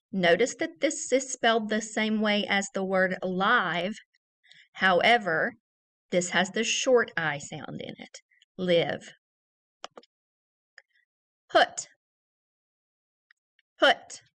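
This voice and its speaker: A woman teacher giving a recorded early-grade reading lesson, saying each word slowly and clearly and repeating it for young children. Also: mid-range voice, a bit bright.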